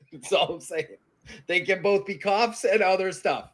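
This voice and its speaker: A hoarse man narrating as game master in a tabletop game, animated and quick to laugh. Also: high voice.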